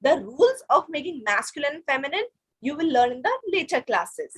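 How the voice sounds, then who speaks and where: A woman's voice: high voice, big pitch swings, fairly quick, fairly bright tone. A woman with an Indian English accent teaching French to children in an online video class, patiently repeating phrases for pupils to echo. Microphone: video call.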